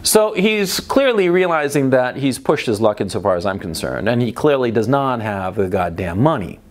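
Exasperated, swearing man with lively pitch. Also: moderate pace. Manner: profane, exasperated, heavy use of "right?" tags and restarts. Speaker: commentator telling a personal story. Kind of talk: casual storytelling monologue.

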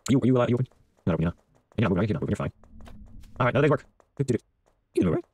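A man's voice: medium pitch, animated, racing, darkish tone. A man giving casual let's-play commentary, joking, swearing freely and chatting to the game characters. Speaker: gaming streamer.

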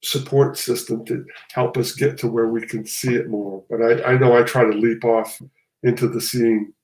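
A man's voice: medium pitch, fairly even intonation, normal speed, a little mellow. Rambling man in a roomy echo. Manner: rambling, self-correcting, with frequent restarts. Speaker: comic artist guest. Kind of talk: casual conversation.

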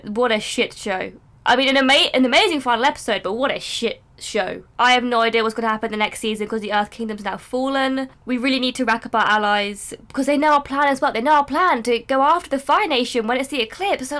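A woman's voice: high-pitched, a bit bright. A woman hosting a reaction channel, ranting emotionally in casual commentary and swearing freely.

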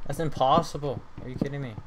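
A man's voice: medium pitch, fast, background noise. A man giving casual let's-play commentary, talking to his viewers as guys and fellas and flaring into profane cursing outbursts. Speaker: gaming video creator. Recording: keyboard and mouse clicks audible. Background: keyboard typing and clicks.

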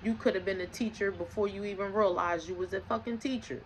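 A woman's voice: mid-range voice, fairly even intonation, fast, a little hiss or hum. A woman giving a casual tarot reading to her viewers, talking emphatically, swearing freely, repeating herself and asking rhetorical questions. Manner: preaching, asks rhetorical questions. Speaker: tarot reader.

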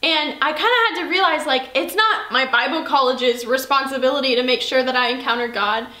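A young woman leads a youth devotional in a high, bright voice, chatty and earnest as she talks straight to her listeners. The room around her is echoey. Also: fairly quick. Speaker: youth leader.

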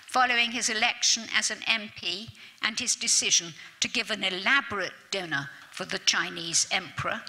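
Bright-voiced woman giving a literature lecture. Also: medium pitch. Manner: lively and chatty, with asides to the audience; self-deprecating, laughs at herself. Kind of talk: university summer school lecture.

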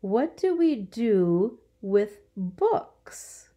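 Her voice medium-pitched and mellow with big pitch swings, a female teacher leads young kids through a phonics lesson. She draws words out slowly so the children can count syllables.

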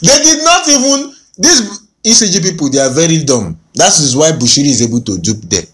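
A man with a Nigerian accent giving mocking, animated commentary as co-host of a casual talk show. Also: fairly high pitch, fairly quick.

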